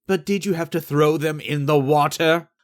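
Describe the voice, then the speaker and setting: A man reading an audiobook, voicing a fussy, easily flustered male naval commander in a higher, pompous voice. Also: moderate pace, lightly acted. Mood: exasperated.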